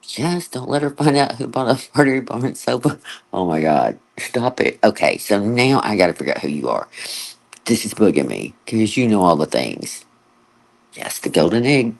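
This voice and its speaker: A man's voice: lowish voice, big pitch swings, moderate pace, vocal fry. A man hosting a late-night livestream, chatty and laughing often as he mimics others. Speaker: livestream host. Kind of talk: casual chat.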